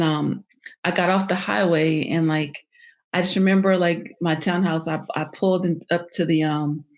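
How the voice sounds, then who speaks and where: A woman with a slightly low voice tells a personal story as a podcast guest in an interview. She speaks haltingly, with many fillers, pauses, and restarts.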